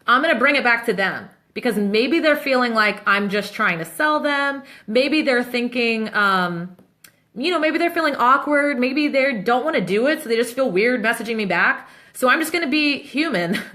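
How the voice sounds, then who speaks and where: A chatty woman in her thirties answers questions in a relaxed live session, her voice bright and a little raised in pitch. She talks as a business coach, upbeat and laughing easily between points. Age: 30s. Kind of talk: casual live Q&A.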